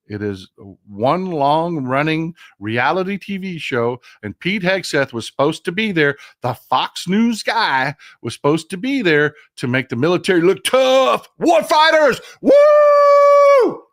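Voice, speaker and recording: A man hosting a casual political livestream, talking straight to his viewers in a profane, animated way and calling them folks. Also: fairly high pitch, measured pace, hardly any pauses, no echo, studio quality. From Texas. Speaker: political commentary host.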